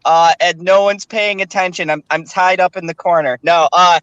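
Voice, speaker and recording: Regular male guest, excitable ranter, sharp bright tone, dry sound. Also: high-pitched, normal speed, clear, resonant tone, no room sound, lo-fi sound. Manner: animated, stammering, ranting. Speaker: regular co-host. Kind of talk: casual ranting chat.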